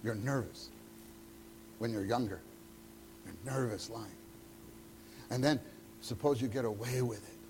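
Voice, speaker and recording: A man's voice: medium pitch, unhurried, pauses often, background noise. A man leading a church teacher-training meeting, talking conversationally and acting out bits of dialogue. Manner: conversational, acts out quoted dialogue.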